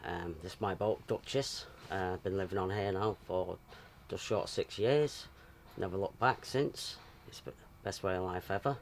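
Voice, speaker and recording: A man in his forties with a very low voice speaks in an easy, plain way. He pauses on small ums, and a faint outdoor hum sits behind him. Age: 40s. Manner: plain, unhurried talk with ums. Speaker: canal boat owner. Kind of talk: casual interview.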